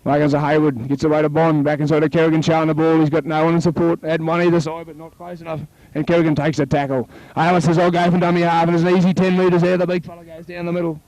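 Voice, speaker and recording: A man with an Australian accent calling a local rugby league match play by play, chatting with his co-commentator and rising to excited shouts on tries. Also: a little high, quick pace, hardly any pauses, low-quality recording.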